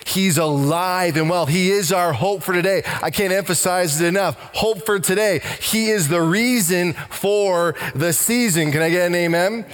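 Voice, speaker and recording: A man's voice: sits high, normal speed, few pauses, fairly bright tone. Preaching man with an echoing sound. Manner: emphatic, repeats key phrases, calls for response. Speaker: pastor. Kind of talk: sermon.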